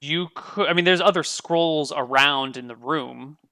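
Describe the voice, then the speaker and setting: A man narrating as dungeon master in a tabletop game, relaxed with frequent ums. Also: a little high, a little slow, a little hiss or hum.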